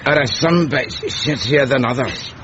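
An actor playing a chatty, offhand old homeless drinker in a radio comedy, on a dull lo-fi recording. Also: male voice, medium pitch, animated, a little slow, fairly bright tone, slight background noise. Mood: wry. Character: old male tramp, drinker, chatty and unbothered.

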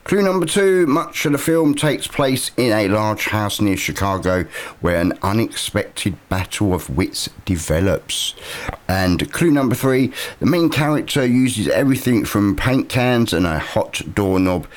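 A man's voice: fairly low pitch, a little slow. A man presenting a local morning radio show, chatting casually with lots of "uh" fillers. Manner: relaxed and chatty, with frequent "uh" fillers. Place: radio studio.

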